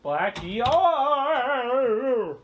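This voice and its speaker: A woman giving playful live commentary at home, excitable and full of yelps and exclamations, recorded on a camera mic indoors. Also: sits high, very slow, lo-fi sound, a little hiss or hum. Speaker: home video maker.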